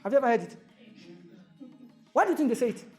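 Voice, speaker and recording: A Nigerian motivational speaker addresses a live audience in a very high-pitched voice, talking fast over soft background music. He's animated, keeps firing off repeated rhetorical questions, and slips into pidgin.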